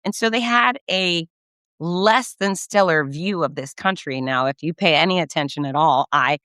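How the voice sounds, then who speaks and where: A middle-aged woman from the United States talks through a podcast monologue with real enthusiasm. Her voice is bright and crisply clear, and it is recorded close and dry with no room sound at all. She gushes and leaps upward in pitch whenever something delights her. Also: moderate pace, no room sound. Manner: gushing, effusive, jumps up in pitch when excited. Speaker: podcast host. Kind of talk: casual monologue.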